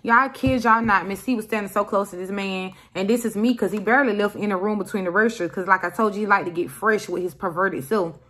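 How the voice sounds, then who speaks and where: A young woman vlogger telling a storytime story in an animated, emphatic way. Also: medium pitch, fast, few pauses. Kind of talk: casual storytime.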